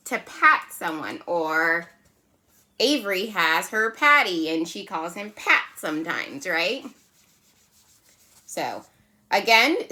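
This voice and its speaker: A woman teaching a phonics lesson to young children, patient and slow, checking in often with "right?" and "okay?". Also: medium pitch, pushed and bright. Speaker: kindergarten teacher.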